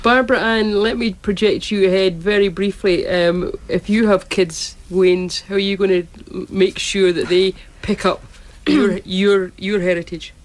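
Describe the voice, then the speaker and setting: Woman, radio host, brisk, panel phone-in. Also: mid-range voice, fairly even intonation. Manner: brisk, steering the talk.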